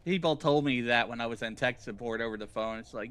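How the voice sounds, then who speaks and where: A man's voice: medium pitch, quick pace, fairly bright tone. A man from the southeastern United States with a light Southern accent, chatting casually and grumbling while streaming a game and answering chat.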